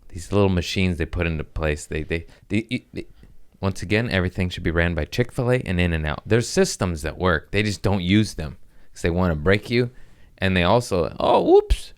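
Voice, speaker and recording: A man with a very deep voice chats loosely on his comedy podcast. He is high and keeps cracking himself up. His talk wanders in a self-mocking, giggly way. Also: normal speed, clean tone. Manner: giggly, stoned, self-mocking with bursts of laughter. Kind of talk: casual rambling chat.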